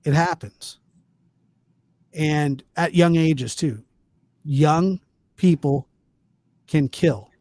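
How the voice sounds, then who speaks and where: A man hosting a podcast, talking in an indignant, halting way with many restarts. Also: fairly high pitch, darkish tone, dry recording. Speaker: podcast host. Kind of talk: casual chat.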